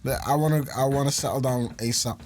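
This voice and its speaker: A man's voice: mid-range voice, fairly even intonation, quick pace, a little mellow. A young man, co-hosting a podcast in slangy, laugh-filled casual chat. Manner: laughs often, slangy banter. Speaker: podcast co-host.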